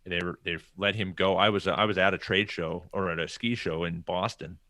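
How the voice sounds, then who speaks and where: A man's voice: sits low, normal speed, no room sound. A man being interviewed on a podcast, casually telling stories from his career and acting out what other people said. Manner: animated storyteller acting out quoted people. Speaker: podcast guest.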